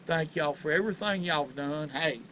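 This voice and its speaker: A man hosting a casual fishing vlog from a boat on a river, folksy and excitable as he talks to viewers. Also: fairly high pitch, normal speed, very noisy. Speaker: fishing channel host.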